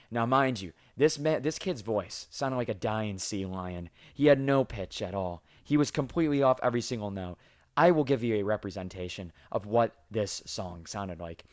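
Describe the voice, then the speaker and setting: Swearing young man telling stories. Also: on the low side. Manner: crude, self-mocking, swears freely. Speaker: podcast host. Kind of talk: casual storytelling chat.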